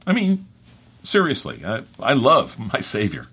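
A man's voice: medium pitch, huge pitch swings, measured pace, fairly bright tone, breathy edge. A man preaching an expository sermon, reading scripture aloud with dramatic emphasis and breaking off into conversational asides. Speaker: pastor.

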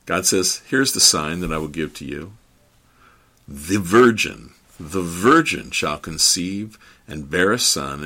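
Brief: male preacher, deep voice with a bright edge, earnest and halting, restarts his phrases. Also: creaky, breathy edge. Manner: earnest, halting, repeats words as he builds points. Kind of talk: sermon.

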